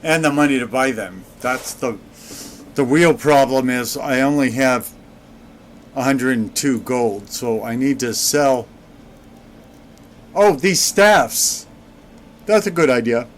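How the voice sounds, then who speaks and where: Slow, sarcastic gamer man. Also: medium pitch, slight background noise. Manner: sarcastic, deadpan asides. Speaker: let's play gamer. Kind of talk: gameplay commentary.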